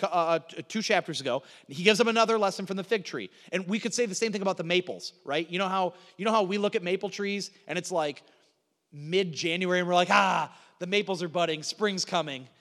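A man's voice: sits high, fairly bright tone, long reverb tail. A man preaching a sermon in a conversational way, asking rhetorical questions and answering them. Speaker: pastor.

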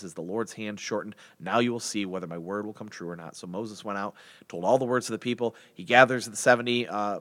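A man's voice: lowish voice, long reverb tail. A man giving a casual, conversational Bible teaching, acting out the characters with voices. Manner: conversational, animated, acts out biblical characters in voices.

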